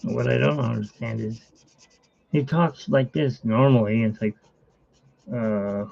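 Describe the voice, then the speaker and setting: A man with a gravelly, husky voice chatting casually as he draws on a live stream, rambling and cutting himself off mid-thought. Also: medium pitch, unhurried, long pauses, darkish tone, no room sound, muffled recording. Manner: rambling, self-interrupting. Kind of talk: casual chat while drawing.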